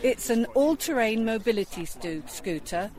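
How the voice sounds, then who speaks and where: A woman's voice: fairly high pitch, lively intonation, moderate pace, darkish tone. A woman who leads walks, answering a presenter's questions cheerfully outdoors. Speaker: walk leader. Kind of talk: interview answers. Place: outdoors on a walk.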